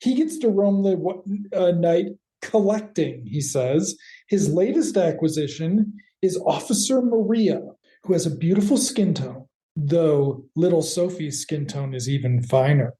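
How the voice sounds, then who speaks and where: A woman co-hosting a podcast, recapping an episode in a wry, deadpan way. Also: on the low side, measured pace, reverberant. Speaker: podcast co-host.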